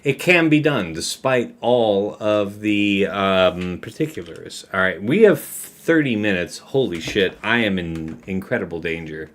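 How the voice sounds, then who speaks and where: Lively, tipsy male game streamer. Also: lowish voice, measured pace, hardly any pauses. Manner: loud, teasing banter. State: tipsy from drinking. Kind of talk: casual chat while gaming.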